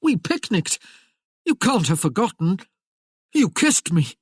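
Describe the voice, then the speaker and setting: A woman's voice: medium pitch, sing-song, takes it slowly, breathy edge, dry recording, studio quality, voice pushed up, exaggerated voice. A woman voicing a heartbroken, fiery young man whose voice trembles with emotion and breaks into theatrical outbursts. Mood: pleading.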